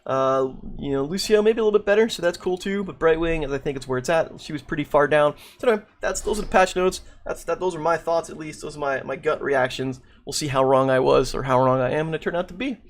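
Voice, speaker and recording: A man's voice: fairly high pitch, fast talker, hardly any pauses. A man casually reading and reacting to game patch notes, thinking aloud with many restarts, saying he is losing his voice. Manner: thinking aloud with frequent restarts and repeated words. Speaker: gaming video creator.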